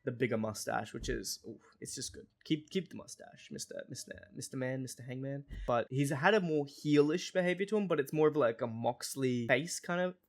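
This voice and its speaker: A man with a mid-pitched voice co-hosts a loose podcast chat. He rambles and restarts his sentences and swears casually. He acts out what other people said as he recounts it. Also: brisk, few pauses. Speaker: podcast co-host.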